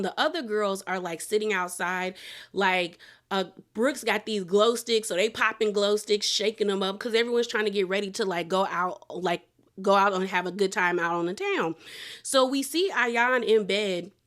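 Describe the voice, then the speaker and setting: A woman giving a casual, chatty recap of a reality show, acting out what the cast said in slangy quotes. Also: mid-range voice. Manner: chatty, animated quoting with slang.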